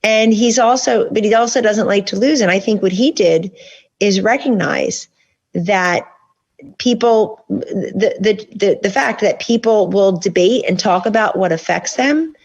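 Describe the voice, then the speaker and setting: Woman interview guest, mid pitch, insistent long answers, slightly dull lo-fi sound. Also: unhurried, darkish tone, husky. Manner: talks in long, insistent runs of points. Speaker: guest author. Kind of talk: political interview.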